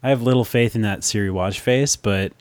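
A man's voice: on the low side, brisk, a little mellow, no echo. A man hosting a casual tech chat, rambling and correcting himself as he goes, laughing easily.

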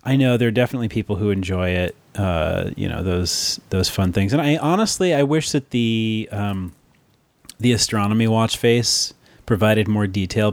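A man's voice: lowish voice, vocal fry, no room sound. A man hosting a casual tech chat, rambling and correcting himself as he goes, laughing easily.

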